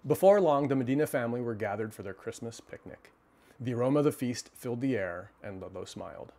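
A male host reading a children's storybook aloud with expressive timing, his voice sitting at an ordinary middle pitch. Between stories he chats casually with viewers, pausing and restarting as he thinks. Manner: expressive reading, then relaxed halting chat.

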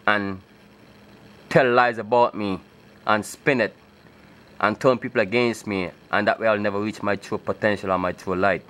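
A man's voice: lowish voice, a bit bright. A man speaking to his viewers in an emphatic, insistent preaching monologue. He often checks in with "okay?" and at times rises into scripture-like declamation. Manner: breaks into rising, scripture-like declamation. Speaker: video blogger.

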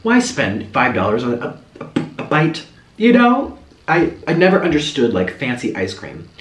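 Mukbang vlogger, male, animated storyteller, roomy sound, sits back from the mic. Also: mid-range voice, moderate pace, far from the mic. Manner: chatty, animated, dramatic asides. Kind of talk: casual storytelling while eating.

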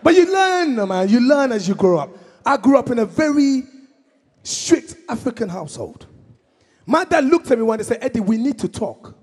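A young stand-up comedian originally from Congo works a live crowd, shouting his punchlines and switching into his parents' voices. His voice sits high and swings widely, with a gravelly, husky edge. The sound carries the long reverb of a concert hall. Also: big pitch swings, moderate pace.

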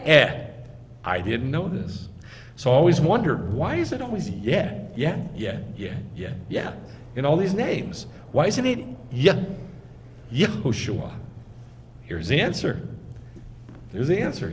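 A man's voice: fairly high pitch, wildly swooping pitch, moderate pace, a little mellow. A man, a rabbi, giving a teaching sermon, explaining step by step and quizzing his listeners. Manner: explains step by step, asks the audience questions. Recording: echoey hall, faint noise.

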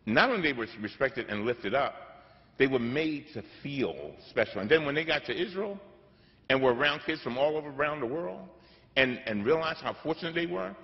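A man's voice: mid-range voice, lively intonation, brisk. A man giving a keynote speech, with a preacher-like cadence and emphatic repetition. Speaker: keynote speaker. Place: large conference hall. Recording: echoey hall, dull lo-fi sound.

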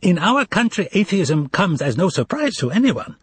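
A man reading an audiobook voices a composed male editor who explains things in a measured, diplomatic way. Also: high-pitched, big pitch swings, slightly rough, voice pushed up, heavily acted.

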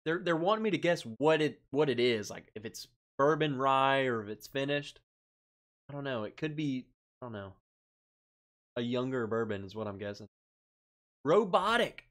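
A man's voice: mid-range voice, expressive, moderate pace, long pauses, fairly bright tone. A man hosting a casual livestream, reading out chat comments, laughing often and sounding stressed. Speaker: livestream host. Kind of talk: casual live-stream chat.

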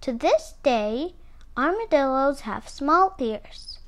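A woman reading a children's picture book aloud in an expressive, sing-song way. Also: high voice, slow. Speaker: storyteller.

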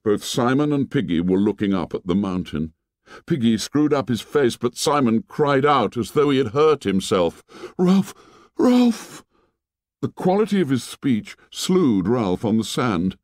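A man narrating a novel as an audiobook, reading dramatically and sinking low and soft on grim lines. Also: lively intonation, normal speed, no room sound, clean studio sound.

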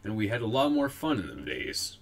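A man's voice: medium pitch, very animated, brisk, vocal fry, voice pushed up. A man voicing a grumbling old female squirrel who rambles in folksy dialect.

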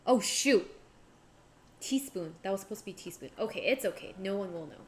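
Narrating each step as she cooks on a live stream, this woman chats casually with her viewers in an expressive, medium-pitched voice that runs a little fast. Background music comes through clearly.

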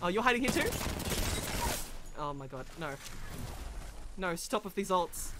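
A woman giving excitable, frantic gameplay commentary, often breaking into laughs. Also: fairly low pitch, unhurried, heavy background noise. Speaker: gaming video creator. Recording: gunfire and game sounds behind voice. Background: game gunfire and effects.

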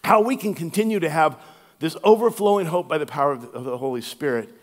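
A pastor from Louisiana preaching an earnest sermon, drawing out key words for emphasis. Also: male voice, fairly high pitch, quick pace. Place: church sanctuary. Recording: long church hall reverb.

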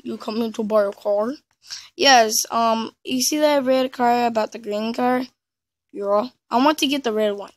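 A woman's voice: fairly high pitch, measured pace, no room sound, lightly acted. A woman voicing a scatterbrained male car salesman in a game role-play. He hesitates and fumbles his words. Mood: eager.

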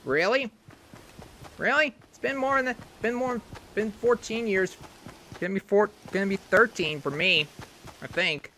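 A man streaming a video game, chatting casually and joking, sometimes breaking into playful shouts. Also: sits high, a little slow, long pauses. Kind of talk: casual gameplay commentary. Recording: loud game noise behind. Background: loud game sounds.

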